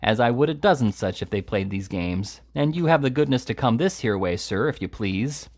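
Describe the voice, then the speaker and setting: A man's voice: medium pitch, lively intonation, moderate pace, a little mellow. A man reading aloud and voicing a blunt, commanding young male servant in a raised voice.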